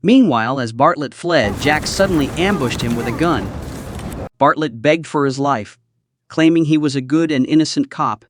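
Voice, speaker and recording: A man's voice: fairly high pitch, normal speed, noisy background. A man narrating a movie recap in a scripted storytelling style.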